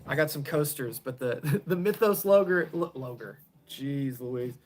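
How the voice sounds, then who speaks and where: An easygoing man chatting through a live stream from his home garage, answering questions one after another. He rambles, laughs a lot, and lets his sentences fade out softly. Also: medium pitch, animated, unhurried, slight background noise. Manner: rambling, chuckles often, trails off quietly. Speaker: pedal builder hosting a live stream. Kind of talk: casual live-stream chat answering viewers.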